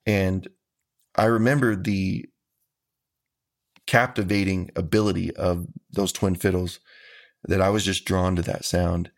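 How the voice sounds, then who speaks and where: Deep flat gravelly guy, folksy and earnest, talking about his music. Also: measured pace, pauses often. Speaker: country musician. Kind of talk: interview answers.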